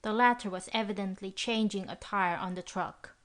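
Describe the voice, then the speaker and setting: A woman's voice: mid-range voice, steady tone, normal speed. Woman reading a mystery audiobook. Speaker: audiobook narrator. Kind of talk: scripted narration.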